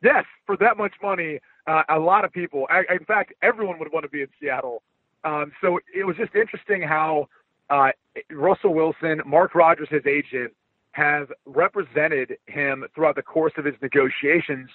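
A man calls in over a thin, phone-like line. He analyzes football in a relaxed, conversational way, with filler ums. His voice is a little high and sounds dry. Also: moderate pace, no echo. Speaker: guest analyst. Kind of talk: casual sports analysis. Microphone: phone call.

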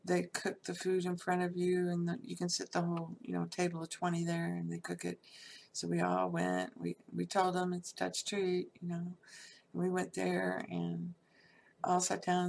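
Gravelly woman telling her story. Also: on the low side, a little mellow, slight background noise. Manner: candid and salty, with frequent fillers and laughs. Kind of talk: personal life story told casually.

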